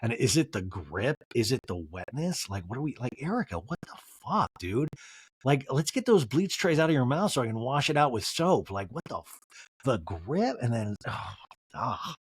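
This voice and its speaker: A man hosts a comedic TV recap, talking in a crude and rambling way. His pitch swings widely as he riffs, and the recording is dry and close, with no room sound. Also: very animated, normal speed, husky, no echo. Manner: crude, profane, rambling with many fillers. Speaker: podcast host.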